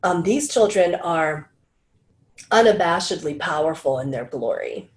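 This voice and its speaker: A middle-aged woman speaking as an interview guest, telling stories animatedly and acting out quoted people in a higher voice. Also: animated, measured pace. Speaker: interview guest, channel and medical intuitive. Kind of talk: casual interview talk.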